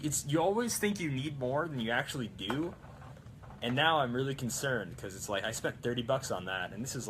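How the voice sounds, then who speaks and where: A man's voice: medium pitch, fairly bright tone, slight background noise. A man in casual stream chat, with a middling voice that wanders from thought to thought. He corrects himself often and slips in little jokes. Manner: rambling, self-correcting and jokey. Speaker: cosplayer streamer.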